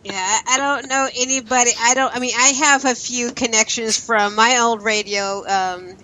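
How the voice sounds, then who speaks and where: A woman's voice: fairly high pitch, fairly even intonation, moderate pace, bright, forceful tone, slight background noise, poor audio. A woman hosting a casual talk radio show, chatty and giggly, with a cold. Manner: chatty, giggly, reading out the chat room. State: has a cold. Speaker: host.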